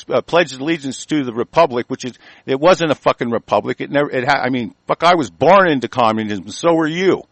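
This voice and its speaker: A man's voice: medium pitch, a bit bright, dry recording. Furious, profane older man ranting. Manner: furious, heavily profane, halting with many fillers and restarts. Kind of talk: angry ranting monologue, reading aloud and commenting.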